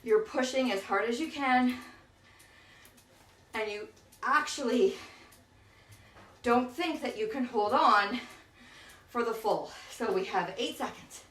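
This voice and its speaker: A woman's voice: on the high side, takes it slowly, long pauses, a bit bright, far from the mic. An out-of-breath woman, a spin instructor, coaching a bike workout and counting down intervals with encouragement. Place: indoors on an exercise bike. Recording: echoey room, voice off-mic.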